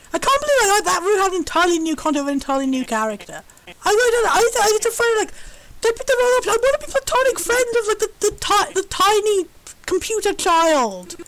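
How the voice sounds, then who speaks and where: Very high, bubbly young woman. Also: big pitch swings, a little fast, a bit bright, a little hiss or hum, rough recording. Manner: gushing, giggly, breathless enthusiasm. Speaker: game reviewer. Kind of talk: excited game commentary.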